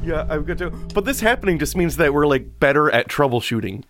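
A man's voice: a little high, a little fast, music in the background. A man co-hosting a podcast, chatting casually and telling stories with lots of laughter. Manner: animated, laughing storyteller. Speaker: podcast co-host. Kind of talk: casual chat.

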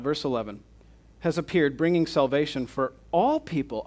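A man's voice: on the high side, sing-song, moderate pace, darkish tone. A man preaching a conference sermon, reading scripture and then explaining it with emphatic, repeated rhetorical questions. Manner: emphatic and repetitive.

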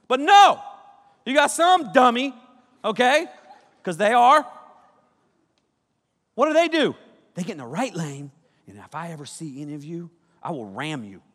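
Animated storytelling pastor in a big hall. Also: male voice. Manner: animated storytelling, jumps into high voices for quotes. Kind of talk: comedic youth sermon.

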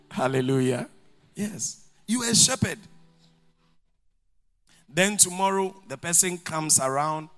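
A man's voice: fairly high pitch, slow pace, pauses often, faint music behind. A male pastor preaching a sermon, telling stories and acting out the dialogue. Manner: animated storytelling, acting out dialogue, laughing along.

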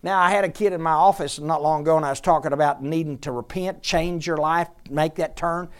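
A woman teaching a Bible class to a room of listeners, lively and joking as she quizzes them. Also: sits low, a little fast, slight background noise. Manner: lively, jokey, quizzes the audience.

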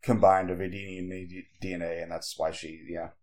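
Low-pitched and a little mellow, this man's voice barely moves in pitch as he talks at a normal pace. He's co-hosting a podcast in casual, rambling conversation full of fillers.

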